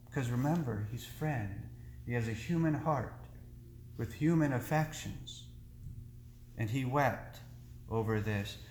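A priest delivering a sermon in a church, with slow, earnest, deliberately paced preaching. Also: male voice, mid-range voice, a little mellow, a little hiss or hum. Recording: echoey church room.

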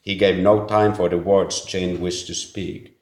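A man with a very deep voice reads a story aloud in a slow, measured way. His delivery is earnest, with a few small slips along the way. The sound is roomy and echoing. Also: level tone. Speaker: narrator. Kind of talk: audiobook reading. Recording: roomy echo.

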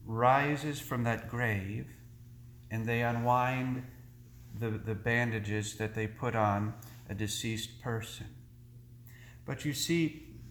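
Slow, earnest preaching man in echoey church. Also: medium pitch, fairly bright tone, slight background noise. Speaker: priest. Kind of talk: sermon.

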